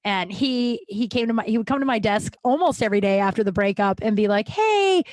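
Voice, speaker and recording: A woman in her thirties from Colorado hosts a podcast, telling a personal story candidly and self-mockingly, with lots of swearing. Her mid-range voice has a darkish tone, she talks fast, and the recording is dry.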